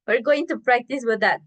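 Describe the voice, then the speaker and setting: A woman's voice: on the high side, fairly bright tone. A woman teaching an English class over a video call, patiently repeating herself as she explains.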